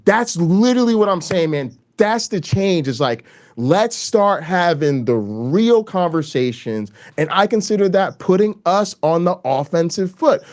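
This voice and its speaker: Excitable, profane male livestream host. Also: a little high. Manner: profane, excitable trash talk with sports boasts. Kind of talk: casual livestream commentary.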